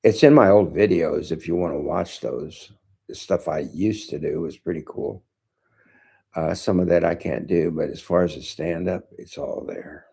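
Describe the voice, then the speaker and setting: A man in his seventies, a martial arts teacher, giving a slow, thoughtful monologue to camera with frequent pauses. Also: sits low, vocal fry, warm tone, breathy edge. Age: 70s. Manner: slow, thoughtful, pausing often.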